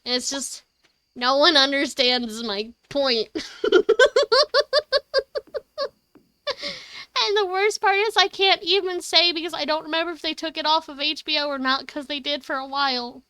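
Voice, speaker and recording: A high-voiced woman streamer rambles excitedly in casual chat and swears freely. Her voice is bright and clear, and the room sound is dry with no echo. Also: moderate pace. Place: her home.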